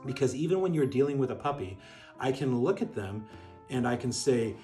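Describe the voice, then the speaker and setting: A middle-aged man, a dog breeder, calmly explaining how to interact with a puppy in an even-keeled instructional talk. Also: mid-range voice, brisk. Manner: calm, even-keeled, demonstrates voice tones. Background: soft guitar music.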